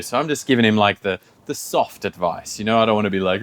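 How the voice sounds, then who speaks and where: A podcast co-host speaks in a lowish, slightly bright voice with a steady tone and moderate pace. In casual chat he tells a story, acting out the people in it and laughing often.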